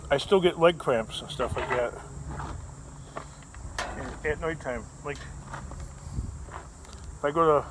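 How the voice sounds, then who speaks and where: A man's voice: a little high, slow, pauses often. A middle-aged man chatting casually on a scrap metal vlog, meandering and filler-heavy, recorded at a work area. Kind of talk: casual rambling vlog talk. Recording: loud background noise.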